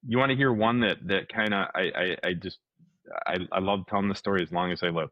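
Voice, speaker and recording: A man with a very low voice tells a story in a loose, chatty way, jumping into the voices of the people in it and restarting his sentences. The sound is dry and a little dull. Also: fairly quick, no room sound. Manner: animated storyteller, acts out quotes, many restarts. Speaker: podcast co-host. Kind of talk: casual storytelling chat.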